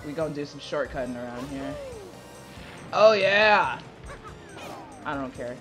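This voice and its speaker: Young woman, gameplay commentary, low voice, lively pitch, frequent swearing, stammered restarts, game music behind. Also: a little slow. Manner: swearing, frustrated outbursts. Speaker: gaming video creator.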